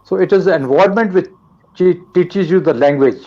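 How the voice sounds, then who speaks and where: An older man from Pakistan teaching English in a live online session, in a deliberate, lecturing way. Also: high-pitched, lo-fi sound. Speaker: guest teacher.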